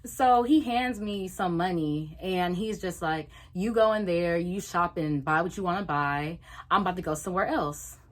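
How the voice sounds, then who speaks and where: A young woman vlogger telling a casual story, animated, swearing freely and acting out what people said. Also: on the low side, moderate pace.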